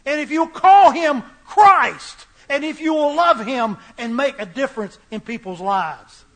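A man's voice: very high voice, expressive, measured pace. A male preacher delivering a sermon in an emphatic, repetitive cadence.

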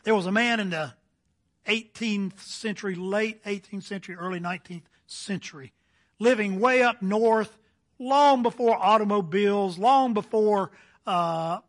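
A male pastor preaching a sermon, telling a story in slow, emphatic phrases that trail off quietly. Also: high-pitched.

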